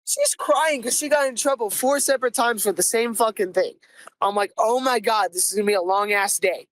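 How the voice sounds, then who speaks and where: High-pitched young woman, exasperated storyteller. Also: poor audio. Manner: animated, exasperated, swears freely. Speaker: podcast host. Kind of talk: comic first-person storytelling.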